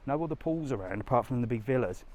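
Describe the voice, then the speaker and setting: A man's voice: mid-range voice, expressive, fast talker, darkish tone. Chatty man vlogging on a walk. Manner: chatty, talks to viewers while walking. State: out of breath from climbing stairs. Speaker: travel vlogger. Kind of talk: live walking vlog. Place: outdoors on a hillside walk.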